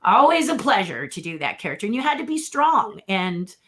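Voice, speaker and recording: A woman's voice: mid-range voice, very animated, fairly quick, a bit bright. A middle-aged woman who is a puppeteer, telling stories as a guest in a casual interview. She acts out quotes and laughs often.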